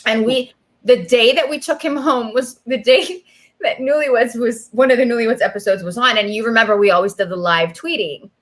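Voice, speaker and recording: A woman in her thirties, a guest in a casual video chat, telling stories in an animated way with lots of fillers and laughs. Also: fairly high pitch, brisk.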